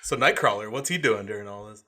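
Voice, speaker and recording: A man with a lowish voice co-hosts a podcast, talking quickly in a bright, forceful tone. The conversation is casual, and he jokes and laughs often.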